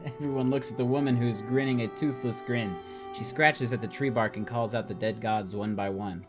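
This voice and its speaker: A man's voice: fairly low pitch, steady tone, a little fast, soft background music. A man hosting a let's play, reading game dialogue aloud with jokey asides. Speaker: gaming video host.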